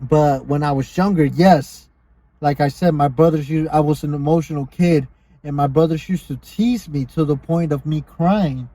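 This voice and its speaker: A man's voice: a little high, moderate pace, mellow, dry recording. A man co-hosting a podcast, telling rambling stories in loose casual chat, swearing often. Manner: loose, rambling storytelling with frequent swearing and laughs. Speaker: podcast co-host.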